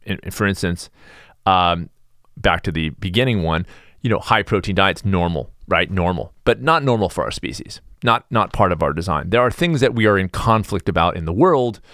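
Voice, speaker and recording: A middle-aged American man hosting a podcast, talking in a blunt, sarcastic, animated monologue. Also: low voice, normal speed, no room sound, studio quality. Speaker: podcast host. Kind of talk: casual opinionated monologue.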